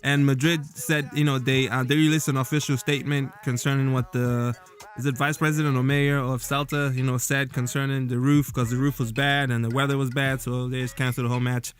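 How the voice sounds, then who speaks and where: A man's voice: mid-range voice, little pitch movement, a little fast, soft background music. A man giving casual solo football commentary as a vlog host, rambling loosely with fillers and restarts. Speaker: football vlogger.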